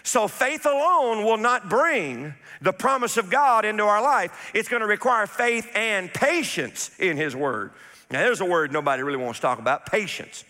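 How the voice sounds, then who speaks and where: High, bright-voiced preacher in a reverberant hall. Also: male voice, lively intonation, moderate pace. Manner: emphatic preaching with repetition and call-and-response. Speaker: pastor. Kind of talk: sermon.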